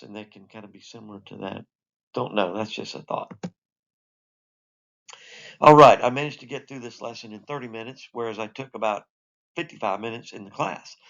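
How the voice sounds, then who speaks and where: A man's voice: medium pitch, a bit bright, dull audio. A man teaching a recorded Bible lesson, explaining in a conversational way with asides. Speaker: Sunday school teacher.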